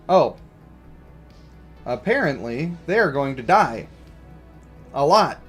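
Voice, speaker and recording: A man's voice: a little high, big pitch swings, takes it slowly, pauses often, slightly rough, soft background music. A man giving casual, joking livestream commentary on a mobile game and greeting viewers. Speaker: gaming streamer.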